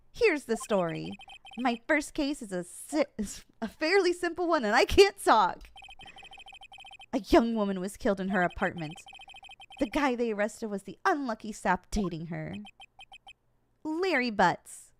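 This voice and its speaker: A woman voicing a nervous young male rookie lawyer in a video game, with a high-pitched, small, childlike voice and eager narration. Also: big pitch swings, unhurried, slight background noise. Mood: earnest.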